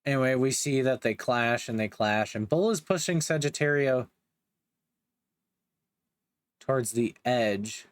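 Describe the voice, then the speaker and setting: A man's voice: mid-range voice, normal speed, dry recording. A young man giving a casual, joking recap of a manga, with slangy asides. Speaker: manga reviewer.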